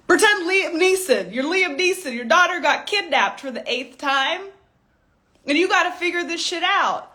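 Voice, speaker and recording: A woman's voice: extremely high pitch, sing-song, slow, pauses often, pushed and bright. A woman in her thirties, a stylist business coach, giving a blunt, profane motivational rant with mocking impressions.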